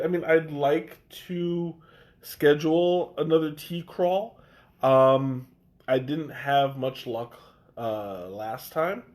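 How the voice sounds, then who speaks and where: A man's voice: mid-range voice, a little mellow. A man chatting casually on a live stream, tasting tea, with a congested voice and a hesitant delivery full of fillers and restarts. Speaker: livestream tea taster.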